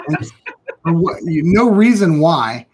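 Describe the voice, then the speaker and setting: A man's voice: on the high side, sing-song, slow, a little mellow, breathy edge, rough recording. A man in casual chat, telling a rambling story and acting out what people said.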